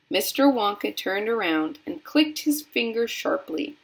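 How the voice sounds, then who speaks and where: A woman reading a children's novel aloud in a slow, deliberate storytelling manner. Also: medium pitch, expressive, vocal fry, breathy edge. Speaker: reader.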